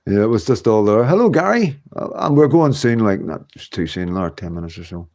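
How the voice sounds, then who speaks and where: A man's voice: on the low side, big pitch swings, a little fast, darkish tone. A man, hosting a casual livestream from home, chatting and reading out viewer comments in a rambling way with frequent laughs. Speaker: livestream host.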